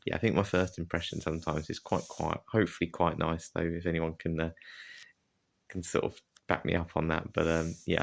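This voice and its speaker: Low gravelly young man vlogging. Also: dry recording. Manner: chatty, self-deprecating, lots of fillers. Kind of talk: casual vlog talk to phone while running. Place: outdoors by the sea. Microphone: handheld phone.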